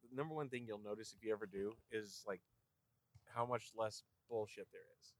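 A man's voice: on the low side, fairly quick, no echo. A man co-hosting a casual podcast, laid-back, laughing along and calling his friend man. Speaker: podcast co-host. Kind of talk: casual chat.

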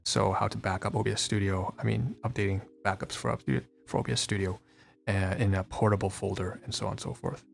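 A man streamer talking casually through a screen-share walkthrough, halting and often restarting and correcting himself, stressed and feeling dissociated. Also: lowish voice, little pitch movement, creaky.

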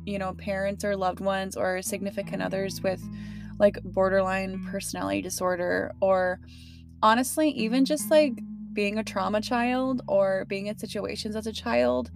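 A woman's voice: medium pitch, fairly even intonation, normal speed, music in the background. A young woman hosting her podcast from her car, talking casually and emotionally with lots of fillers. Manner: chatty, emotional, many fillers and laughs. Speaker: podcast host. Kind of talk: casual heartfelt podcast talk.

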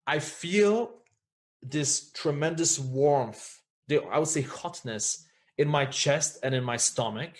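A man's voice: on the high side, slow pace. A man speaking as a podcast guest, earnest and reflective, often checking in with "right?" as he talks. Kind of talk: candid podcast conversation.

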